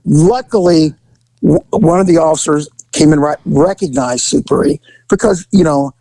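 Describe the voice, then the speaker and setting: A middle-aged man telling a story in casual chat, acting out voices with big jumps in pitch. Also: moderate pace, warm tone, dry recording, poor audio.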